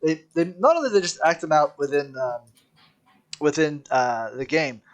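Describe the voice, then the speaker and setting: Give me a higher-pitched man hosting a podcast with upbeat chat. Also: lively intonation, moderate pace. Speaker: podcast host. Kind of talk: casual chat.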